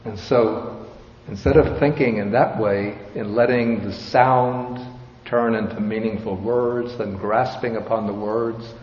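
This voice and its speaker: Slow, measured male Buddhist teacher. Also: on the low side, steady tone. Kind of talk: dharma talk explaining a scripture. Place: large hall with audience. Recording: reverberant hall, dull sound, faint hiss.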